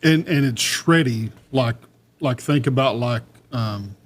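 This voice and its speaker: A man's voice: medium pitch, takes it slowly. A man from Texas with a Texan accent, explaining food matter-of-factly in a casual chat.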